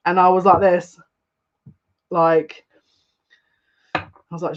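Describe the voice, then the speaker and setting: A woman's voice: on the low side, little pitch movement, takes it slowly, pauses often. Chatty woman on dull lo-fi audio. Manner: chatty, laughs often, rambling asides. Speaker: psychic reader. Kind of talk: casual live-stream talk to viewers.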